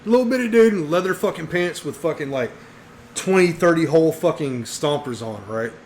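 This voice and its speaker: A man's voice: a little high, lively intonation, normal speed, a little mellow, slight background noise. Profane rambling male storyteller. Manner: profane, rambling, says "dude" and "bro" a lot. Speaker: podcast co-host. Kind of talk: casual storytelling chat.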